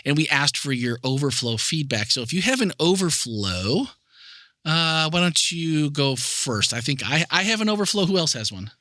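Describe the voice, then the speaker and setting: A man's voice: a little high, sing-song, normal speed, sharp tone, dry recording. A man hosting a church podcast in an upbeat, chatty way, reading listener messages and running a giveaway. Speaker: podcast host. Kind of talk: casual chat, hosting.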